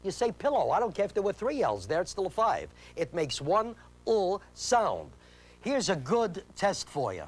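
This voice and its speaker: An emphatic man leads a memory-training lesson on an old instructional video. His voice sits a bit high and swings up and down with lively intonation. He hammers on rules, repeats them, and challenges the viewer to work out answers. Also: normal speed. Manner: emphatic, repeats key points, quizzes the viewer. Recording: 1980s VHS instructional tape.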